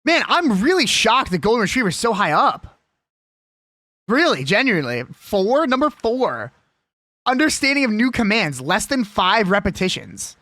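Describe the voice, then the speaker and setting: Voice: medium pitch, sing-song, moderate pace, pushed and bright, no room sound. A young adult live streamer chatting casually and with strong opinions while reading a list aloud.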